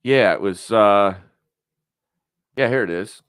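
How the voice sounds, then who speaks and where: A man's voice: lowish voice, slow, a bit bright, clear, resonant tone, no echo, clean studio sound. A man hosting his own channel, thinking aloud in a rambling, profane, casual chat. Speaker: YouTube channel host.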